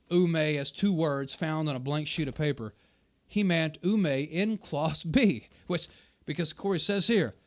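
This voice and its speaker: A man hosting his channel, combatively rebutting a debate opponent's quoted remarks and hammering his points through repetition. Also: fairly high pitch. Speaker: channel host. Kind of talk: argumentative commentary on a debate video.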